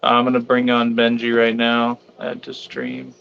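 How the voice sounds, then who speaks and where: A man's voice: medium pitch, animated, a little slow, gravelly, lo-fi sound. A man hosting a live stream, talking in a chatty, loose way with fillers. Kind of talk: casual live stream talk.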